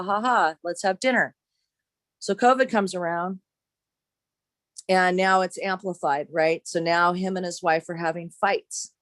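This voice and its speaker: A woman telling a long personal story in casual chat, halting with many restarts as she retells what others said. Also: lowish voice, no echo. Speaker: caller sharing a story.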